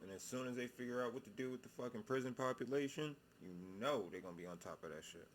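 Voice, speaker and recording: A young man hosting a reaction video, talking in a slow, stoned-sounding drawl and rambling bluntly with plenty of swearing. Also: mid-range voice, a little hiss or hum. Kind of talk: casual profane commentary.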